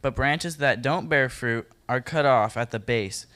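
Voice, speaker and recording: A man leading a Bible study for a group, reading verses and explaining them in a relaxed, joking way, talking straight to his listeners. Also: medium pitch, measured pace. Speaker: youth Bible study leader. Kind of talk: casual Bible teaching talk.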